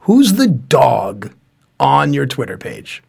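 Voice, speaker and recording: A man hosting a casual fantasy baseball podcast, enthusiastic and quick to laugh. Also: mid-range voice, creaky, breathy edge. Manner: enthusiastic, laughs often, animated. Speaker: podcast host. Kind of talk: casual sports podcast chat.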